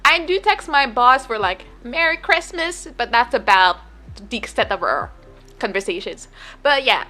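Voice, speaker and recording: A woman's voice: on the high side, very animated, moderate pace, bright, forceful tone, faint music behind. A young adult woman streamer telling a work story in casual chat, rambling and full of filler words and restarts.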